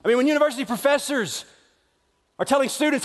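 A man's voice: very high voice, animated, fast talker, pauses often. A man preaching a sermon with emphatic delivery, often acting out quoted voices. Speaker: pastor. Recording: long hall reverb.

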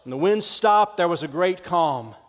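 A man's voice: sits high, lively intonation, normal speed. A man preaching a sermon with emphatic delivery, often acting out quoted voices. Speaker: pastor. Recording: long hall reverb.

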